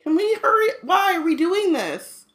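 Young adult woman, dry teasing cohost, lively up-and-down pitch. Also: moderate pace. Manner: deadpan, teasing. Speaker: podcast cohost. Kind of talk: casual chat.

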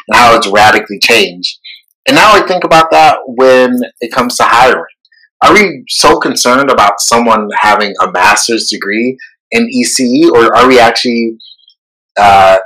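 A man co-hosting a podcast, talking casually and animatedly, jumping up in pitch for emphasis. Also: pushed and bright, poor audio. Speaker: podcast co-host. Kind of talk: casual conversation.

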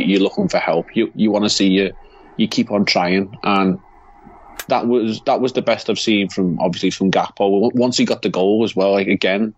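A man with a Liverpool accent co-hosting a football podcast, speaking earnestly in halting phrases full of fillers. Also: lowish voice, no echo. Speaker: podcast co-host. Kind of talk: casual football chat. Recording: dull, dry lo-fi mic.

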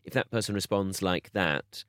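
A man's voice: sits low, moderate pace, a bit bright, clear, resonant tone, no room sound, studio quality. A man co-hosting a podcast, playful and self-mocking, leaning on words for comic emphasis. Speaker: podcast co-host. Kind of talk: casual chat.

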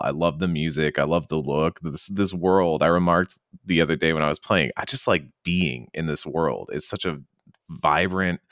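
A man's voice: a bass voice, dry recording, studio quality. A man hosting a casual game discussion podcast, talking enthusiastically and animatedly. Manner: enthusiastic, animated, often mimics characters.

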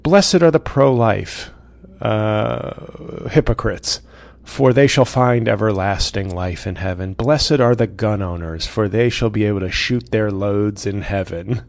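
A man voicing a mock-solemn male preacher, reciting blessings in a slow, sermon-like cadence. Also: on the low side, creaky, no room sound.

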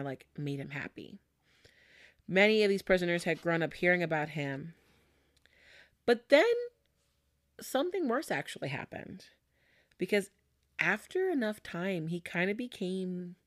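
A woman host recounts a story in a relaxed, chatty way, with lots of fillers. Her voice is on the low side and the sound is dry and close. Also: dry recording. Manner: conversational, with frequent fillers and laughs. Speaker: podcast host. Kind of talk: casual storytelling chat.

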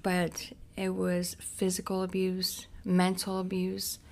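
Gravelly-voiced woman telling her story. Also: fairly low pitch, completely flat delivery. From Cincinnati, United States. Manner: frank, halting, with many restarts. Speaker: podcast guest. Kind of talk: candid personal storytelling.

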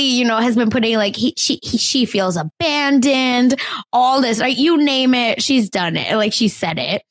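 A young woman with a light Indian accent, co-hosting a casual celebrity gossip podcast and chatting in an animated way with frequent laughs. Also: a little high, dry recording. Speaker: podcast co-host.

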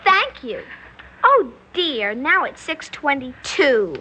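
A woman playing an eerie, polite little girl who is calmly menacing, in old-time radio drama style. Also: sits high, dull audio, full character voice. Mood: calmly sinister. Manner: sweet, prim and unhurried, chillingly calm. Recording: old radio broadcast, faint background hiss.

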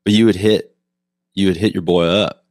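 A man hosts a casual podcast chat, laughing often and poking fun at himself. His voice sits low, and the sound is dry and close with no room around it. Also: normal speed, no room sound. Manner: laughs often, animated and self-deprecating. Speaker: podcast host.

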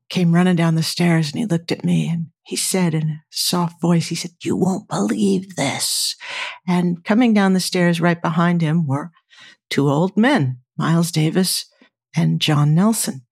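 A woman being interviewed as a guest, telling lively stories and acting out the voices of the people in them. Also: lowish voice, moderate pace, dry recording, studio quality. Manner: lively anecdotal storytelling with quoted voices. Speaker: guest, former studio engineer and scientist. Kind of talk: interview storytelling.

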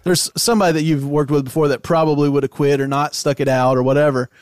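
A man in a casual podcast chat, thinking aloud in long rambling sentences and circling back on himself. His voice sits a little high and sounds dry and close to the mic. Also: level tone, fast, a little mellow, no echo. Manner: reflective, rambling with restarts. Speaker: band member guest.

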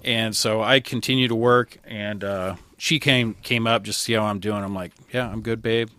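A man with a lowish voice speaks candidly in a relaxed way, telling his story and quoting others. The sound is dry and close to the mic. He comes across as a young adult podcast guest. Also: normal speed, no room sound. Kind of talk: casual storytelling.

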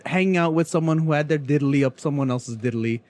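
A man's voice: on the high side, a little fast, darkish tone. A young man in casual chat, telling a story with dry, crude, sarcastic quips.

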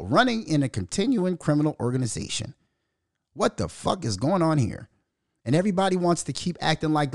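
A man's voice: medium pitch, no echo, studio quality. A man hosting a podcast, ranting in a profane monologue and mocking the voices of others. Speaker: podcast host.

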